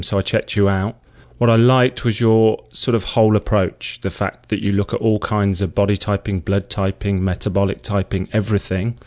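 An English man in his thirties, interviewed as a guest, with a lowish voice. He speaks with earnest enthusiasm and sounds a little out of breath. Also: a little mellow. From England. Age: 30s. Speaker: guest, personal trainer.

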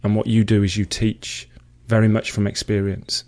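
A man's voice: on the low side, monotone, normal speed, a little mellow. Enthusiastic English man in his thirties. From England. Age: 30s. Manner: enthusiastic, earnest. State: out of breath. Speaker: guest, personal trainer. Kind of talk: interview.

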